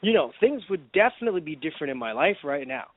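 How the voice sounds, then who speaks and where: Man, podcast co-host, rambling casual chat, lively swinging pitch, dry tinny recording. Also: fast, no echo. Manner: rambling, full of fillers and restarts. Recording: dry, tinny phone-like sound.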